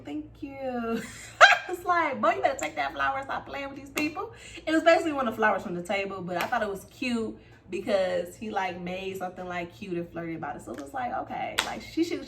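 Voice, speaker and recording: A woman with recapping a reality show in casual chat, animated and gossipy, jumping between loud exclamations and quiet asides. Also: on the high side, noisy background.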